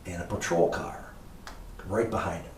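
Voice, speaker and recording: Older man, rambling storyteller, low voice, echoey room, faint background hiss. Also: fairly even intonation, moderate pace, far from the mic. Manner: rambling anecdotal storyteller with many fillers. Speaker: guest, former motel owner. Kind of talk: casual storytelling interview.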